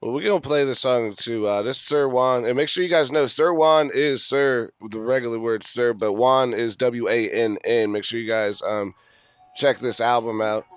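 A man's voice: medium pitch, moderate pace, clean tone, no room sound. Chatty male host, dry sound. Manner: chatty, swears casually, says "like" a lot. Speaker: show host. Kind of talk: casual interview chat.

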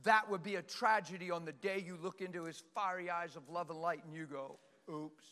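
A middle-aged male pastor preaching with passion, swinging between shouts and quiet, earnest talk. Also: sits high, fairly even intonation, brisk. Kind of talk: sermon. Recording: long hall reverb.

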